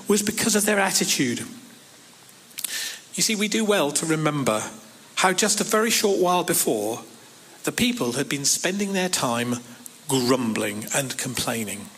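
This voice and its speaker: A fairly high-voiced man delivers a sermon. He reads scripture passages aloud and breaks in with dry, wry asides. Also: a bit bright. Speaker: preacher.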